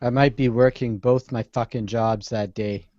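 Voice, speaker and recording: A man's voice: mid-range voice, fairly even intonation, normal speed, dark tone, no room sound, highs cut off. A man co-hosting a casual podcast who makes short, wry remarks. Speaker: podcast co-host. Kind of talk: casual chat.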